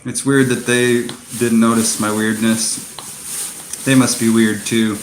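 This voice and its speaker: A middle-aged man vlogging outdoors at night in a rural yard, rambling slowly in a self-mocking, sarcastic way. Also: mid-range voice, little pitch movement, slight background noise. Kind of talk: casual night-time vlog.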